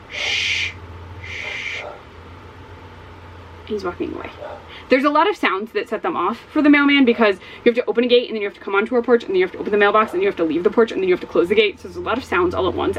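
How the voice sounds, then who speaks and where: A woman's voice: medium pitch, slight background noise, low-quality recording. A woman chatting casually in a reading vlog at home, rambling and exclaiming, repeating her points. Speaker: book vlogger. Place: home with dogs.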